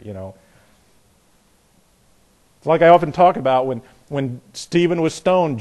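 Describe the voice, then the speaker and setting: A man preaching a verse-by-verse Bible sermon, animated, acting out the voices in the stories and chuckling at his own points. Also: on the high side.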